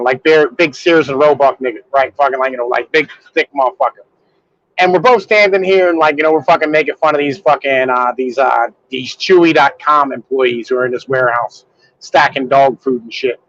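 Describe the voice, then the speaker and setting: A man's voice: mid-range voice, brisk, a bit bright, no room sound. A man co-hosting a podcast in rambling, profanity-heavy casual banter over a remote call. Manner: rambling, heavy swearing and fillers. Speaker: podcast co-host. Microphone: remote call connection that drops out. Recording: muffled dry remote call audio.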